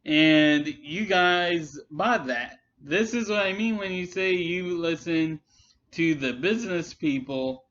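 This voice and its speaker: A man's voice: on the high side, slow pace, fairly bright tone. A man giving casual rebuttal commentary, arguing with critics and addressing them directly. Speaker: commentary vlogger. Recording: slightly muffled lo-fi recording.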